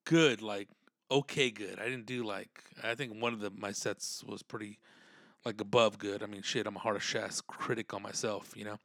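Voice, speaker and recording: A man's voice: fairly low pitch, fairly even intonation, normal speed, fairly bright tone, no echo, clean studio sound. Laid-back man rambling in slang. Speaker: podcast host, stand-up comedian. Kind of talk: casual chat.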